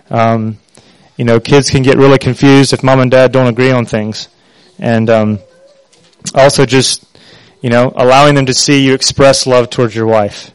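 Halting earnest man preaching. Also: mid-range voice, clean tone, no room sound, poor audio. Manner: halting, many fillers, earnest. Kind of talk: sermon.

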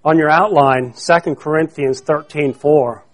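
High-voiced man preaching conversationally. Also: fairly even intonation, unhurried. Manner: conversational preaching, quizzes the congregation to fill in words; repeats and restarts phrases. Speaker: pastor. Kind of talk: sermon.

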